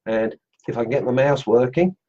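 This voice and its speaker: A middle-aged man hosts a live stream for a carving group, chatting casually in a rambling way with lots of fillers and restarts. His voice is medium-pitched and dark-toned, his pace brisk, and the audio has its highs cut off.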